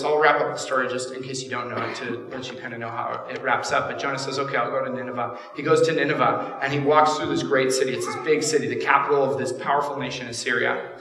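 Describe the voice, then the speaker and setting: Pastor preaching in an echoey hall. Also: male voice, medium pitch, fairly bright tone, distant mic. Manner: casual, humorous storytelling. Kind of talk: sermon. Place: church auditorium.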